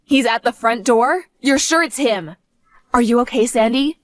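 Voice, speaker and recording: A woman's voice: fairly high pitch, moderate pace, no room sound. A middle-aged woman telling a story in the voice of a firm, protective mother. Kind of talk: acted story narration.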